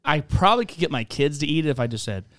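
A middle-aged man hosting a relaxed chat as a pastor, his voice smooth and clean. He jokes around and tells lively stories, and the sound is close and dry with no room behind it. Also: fairly high pitch, quick pace, no room sound. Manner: joking, animated storyteller. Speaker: pastor and podcast host. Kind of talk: casual chat.

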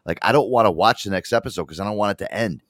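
A man from Connecticut hosting a casual radio show, rambling and swearing freely as he tells animated stories. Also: on the low side, racing, no echo, clean studio sound. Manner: profane, rambling, animated storyteller.

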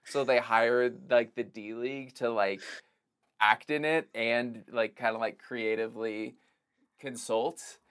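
A man's voice: medium pitch, fairly even intonation, takes it slowly, fairly bright tone, clean tone. Rambling man, casual podcast guest. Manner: rambling, full of "like" and restarts. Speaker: podcast guest, filmmaker and comedic actor. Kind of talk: casual conversation.

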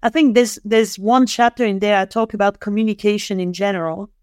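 A woman's voice: medium pitch, fairly even intonation, fairly quick, a little mellow, no room sound, studio quality. A middle-aged woman, a podcast guest and author, explaining leadership ideas in a thoughtful, conversational way with frequent restarts. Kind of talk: interview conversation.

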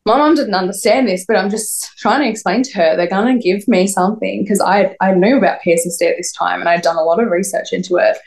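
A woman's voice: medium pitch, quick pace, few pauses. A young woman telling an interviewer her own story, rambling and full of "like". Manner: rambling, lots of "like", quoting others. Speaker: podcast guest. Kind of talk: recounting a personal story in an interview.

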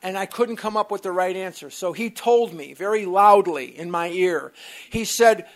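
At a recovery workshop in a meeting room, an American speaker tells personal stories to a live group, animated and blunt, with mild swearing and asides. The voice is medium-pitched and moves at normal speed.

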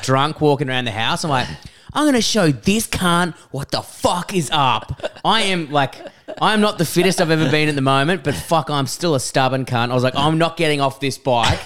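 Sweary man, smooth higher voice. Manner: sweary, animated storytelling. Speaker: podcast co-host. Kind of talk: casual chat.

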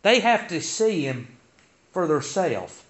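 High, lively preacher. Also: male voice, slow, lo-fi sound. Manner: folksy, rhetorical questions, rising to emphatic peaks. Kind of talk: sermon.

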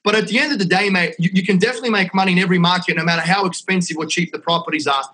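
An Australian man talking as a podcast guest, energetic and salesy, dropping "mate" and "right?" all through his talk. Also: high voice, racing, poor audio. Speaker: real estate investment company owner, podcast guest. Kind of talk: casual podcast chat.

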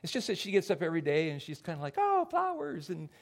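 An older man delivers a sermon as pastor, his voice sitting a little high for a man. He tumbles over repeated words as he restarts his sentences. He jumps into little acted-out voices to make his points. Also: rapid-fire. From United States. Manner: animated, acts out quoted voices. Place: church hall before a congregation.

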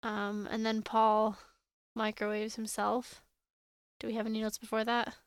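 A woman's voice: a little high, completely flat delivery, measured pace, clear, resonant tone, dry recording. A woman co-hosting a podcast in casual chat, speaking in a dry, matter-of-fact way. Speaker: podcast co-host.

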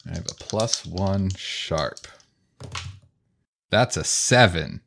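A man with a fairly low voice describing his character's moves in a tabletop game. He talks in a relaxed, easygoing manner. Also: takes it slowly, vocal fry, a little hiss or hum. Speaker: player. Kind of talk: tabletop role-play chat.

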